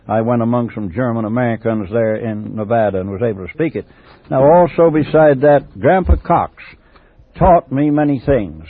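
A man's voice: mid-range voice, no echo, narrow, tinny audio. An older man from England telling his life story for a personal memoir tape, in a rambling, digressive way full of restarts.

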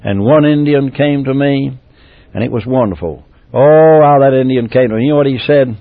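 A man preaching a testimony sermon, swinging from loud exclamations to hushed, tender tones, repeating phrases and restarting as he goes. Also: medium pitch, normal speed, no room sound. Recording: tinny phone-like dry tape recording.

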